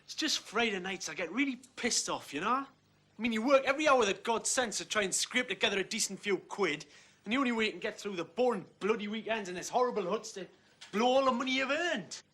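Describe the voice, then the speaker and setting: A husky, homesick builder. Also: male voice, high voice, expressive, brisk, bright, forceful tone, full character voice. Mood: aggrieved. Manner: earnest, aggrieved. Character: sensitive homesick married builder.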